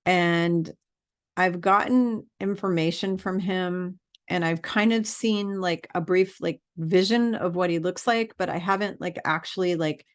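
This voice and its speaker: A woman's voice: lowish voice, a little slow. A woman spiritual teacher in a casual vlog monologue, earnest and rambling with many fillers.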